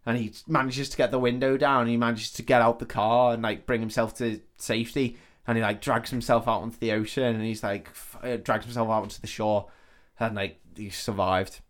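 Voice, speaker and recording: A man's voice: medium pitch, little pitch movement, fairly quick. Guy retelling a movie plot on a podcast, sweary, laughy, does the lines. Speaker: podcast co-host. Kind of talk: casual chat retelling a film plot.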